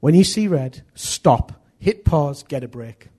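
Husky male pastor preaching animatedly. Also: fairly high pitch, slow. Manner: animated storytelling, acting out dialogue. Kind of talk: sermon.

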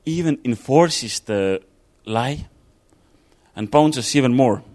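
Conversational man preaching, mid-pitched voice. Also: expressive, takes it slowly, darkish tone. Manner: conversational, thinking aloud with fillers and restarts. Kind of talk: informal sermon.

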